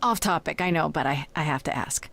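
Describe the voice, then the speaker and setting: An actress voicing a determined young woman muse who speaks in a measured, patient way in voiced game dialogue. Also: deep voice, gravelly, fairly bright tone.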